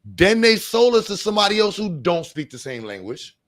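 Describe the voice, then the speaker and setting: A man's voice: sits high, big pitch swings, brisk, fairly bright tone, dry recording, studio quality. A man hosting a podcast, ranting in a blunt, profane, slangy way. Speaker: podcast host. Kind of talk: heated casual rant.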